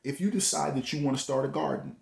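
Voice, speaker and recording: A man's voice: mid-range voice, fairly even intonation, fast talker, vocal fry, noisy background. A man giving a motivational talk, preachy and repetitive, full of rhetorical questions. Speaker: host. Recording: echoey room.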